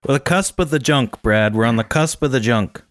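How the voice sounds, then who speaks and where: A man's voice: mid-range voice, normal speed, a bit bright, no echo, clean studio sound. A man co-hosting a casual chat about a movie, loose and joking, swearing now and then. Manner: loose, swearing, laughs a lot. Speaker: podcast co-host.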